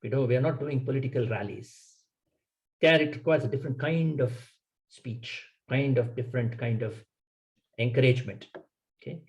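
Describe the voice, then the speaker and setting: A man's voice: mid-range voice, moderate pace, darkish tone, poor audio. A man giving a public speaking workshop lecture, emphatic and coaching, in short instructive sentences.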